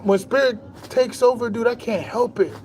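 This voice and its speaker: Boastful high-voiced man ranting about truth. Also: moderate pace, soft background music. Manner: boastful, animated street slang, swears freely; laughs between lines. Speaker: spiritual vlogger. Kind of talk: casual monologue to camera.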